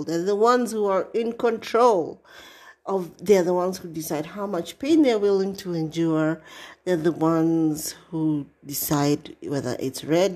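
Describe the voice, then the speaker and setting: A middle-aged woman hosting a podcast, telling a story in a casual, expressive way, with dramatic asides and free swearing. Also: fairly low pitch, slightly rough. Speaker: podcast host.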